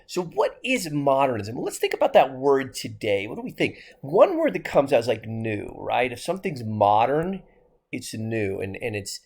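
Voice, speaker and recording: A man with a Midwestern accent teaches a history lesson with an animated voice. His pitch leaps high and drops low. A gravelly rasp runs through his tone as he asks questions and answers them himself. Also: normal speed. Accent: American Midwest. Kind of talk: recorded classroom lecture.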